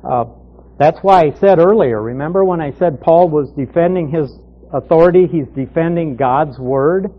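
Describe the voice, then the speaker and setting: Pastor, male, Bible-class teacher; somewhat high voice, emphatic, muffled lo-fi audio. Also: normal speed. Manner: emphatic, repeats key words, reads scripture aloud. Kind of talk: Bible study lecture. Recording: muffled lo-fi recording.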